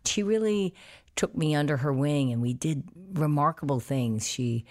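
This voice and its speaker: A middle-aged actress from New Orleans, a guest in an interview, chatting casually with an expressive, laughing delivery. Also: female voice, low voice, normal speed. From New Orleans, USA. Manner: expressive, laughs often, acts out quoted voices.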